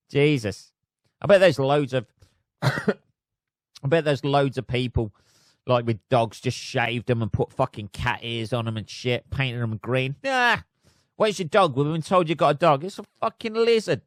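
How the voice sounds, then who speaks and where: A man's voice: fairly low pitch, no echo, clean studio sound. A man hosting a solo podcast, reading news aloud and riffing on it in a sweary, sardonic way. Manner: sweary, sardonic, laughs at his own jokes. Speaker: podcast host.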